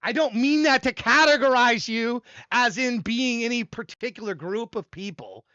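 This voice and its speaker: A man's voice: very high voice, normal speed, bright, forceful tone, no echo, lo-fi sound. An older man hosting a live stream, rambling and self-deprecating, laughing often as he talks to his chat. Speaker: livestream host reviewing music submissions. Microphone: desk microphone.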